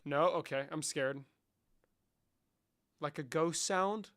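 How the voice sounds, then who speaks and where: A man's voice: fairly high pitch, slow, a bit bright. A young man around twenty, casually chatting on a livestream in a joking, sarcastic way and swearing a lot. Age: young adult.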